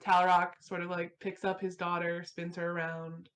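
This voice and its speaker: A woman playing a tabletop game, calmly reading out a written epilogue for her character. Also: on the low side, normal speed, slight background noise. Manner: calm, descriptive storytelling. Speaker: player.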